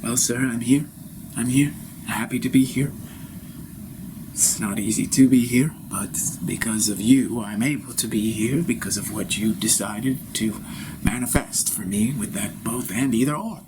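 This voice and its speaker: A man's voice: mid-range voice, a little slow, background noise, close to an everyday voice. A man voicing a humble, eager male translator who talks deferentially and keeps repeating himself, recorded inside a vehicle.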